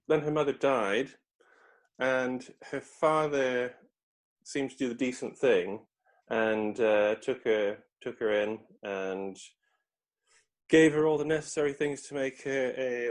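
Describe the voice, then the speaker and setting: A man's voice: mid-range voice, fairly even intonation, a little slow. A man guesting on a history podcast, telling a story in a loose, rambling way, with lots of hesitations and restarts. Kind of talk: casual conversational history chat.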